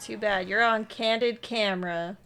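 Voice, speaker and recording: A woman's voice: mid-range voice, fairly even intonation, moderate pace, bright, forceful tone. A woman streaming a game live, chatting and joking with her viewers and laughing between remarks.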